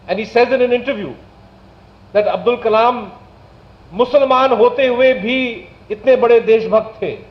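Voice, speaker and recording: A man with an Indian English accent speaks at a public talk in a fairly high voice, building his points through pointed rhetorical questions. The sound is dull and lo-fi. It echoes around a large hall. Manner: indignant, rhetorical questions, measured emphasis. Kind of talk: public lecture. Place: lecture hall.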